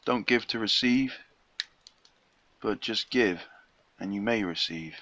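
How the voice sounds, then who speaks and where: A man's voice: lowish voice, slow, bright, forceful tone. A young man casually retelling a folk tale in a chatty, slangy way, acting out the characters' lines. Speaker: storyteller.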